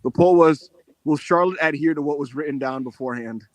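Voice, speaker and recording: A man hosting a casual podcast chat, telling animated stories and acting out the quotes. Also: a little high, brisk, no echo. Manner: animated storyteller, acts out quotes. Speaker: podcast host.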